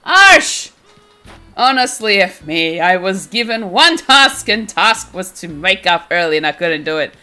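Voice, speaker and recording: A woman's voice: lowish voice, animated, normal speed, few pauses, bright, forceful tone, faint music behind. A young American woman chatting casually on a game live stream, teasing her chat playfully and laughing all the time.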